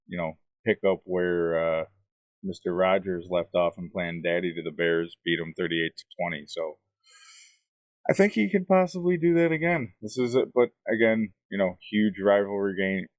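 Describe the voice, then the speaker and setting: A man co-hosting a sports podcast, laid-back and joking, often pausing with "uh". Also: sits low, dry recording. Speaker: podcast co-host. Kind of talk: casual sports chat. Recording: dry, dull lo-fi sound.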